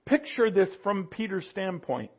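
A man's voice: high voice, sing-song, measured pace, breathy edge, muffled recording. A man preaching a conversational sermon, leaning on asides and rhetorical questions to his listeners. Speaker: pastor.

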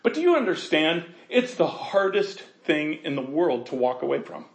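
Guy preaching, high voice, animated and chatty, laughs a lot. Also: moderate pace, roomy sound. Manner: animated, laughs often, acts out scripture voices. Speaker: pastor. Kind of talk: sermon.

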